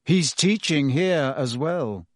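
A man's voice: on the high side, lively intonation, takes it slowly, no room sound, studio quality. A man reading an audiobook, voicing a weary, guilt-ridden adult male teacher who speaks heavily and with self-reproach. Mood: heavy. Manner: heavy, confessional, self-reproaching.

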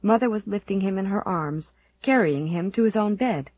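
A woman reads a novel aloud in a gentle, even storytelling manner. Her voice is breathy, and the recording is dull and dry, with a lo-fi quality. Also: medium pitch, moderate pace, no room sound. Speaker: audiobook narrator. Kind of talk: scripted narration.

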